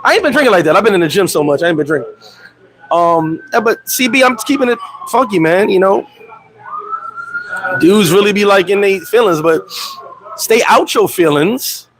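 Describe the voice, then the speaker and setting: A man's voice: lively intonation, normal speed, long pauses, fairly bright tone, a little hiss or hum. A man hosting a casual live chat, telling loose, profane stories full of slang and talking to friends by name. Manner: acts out quoted voices, swings pitch up high; talks to viewers and friends by name. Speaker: host.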